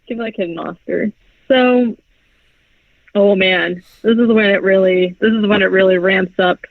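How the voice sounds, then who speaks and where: A man hosting a podcast, recapping a film in casual, rambling chat and acting out lines in quick voices. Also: high-pitched, steady tone, dry recording. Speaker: podcast host. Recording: dull lo-fi podcast audio.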